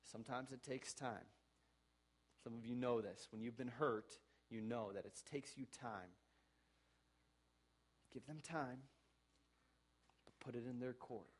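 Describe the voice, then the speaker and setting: A male pastor preaching a sermon. He exhorts the congregation earnestly, swings from soft to loud, and acts out sample apologies in a conversational voice. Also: mid-range voice, unhurried, pauses often.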